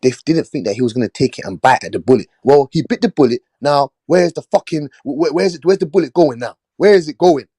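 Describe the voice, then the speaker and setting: Quick and expressive with hardly a pause, a boxing talk-show host rants hotly, cursing and saying the same things over and over. His slightly high voice is warm and husky, and there's no echo on the recording.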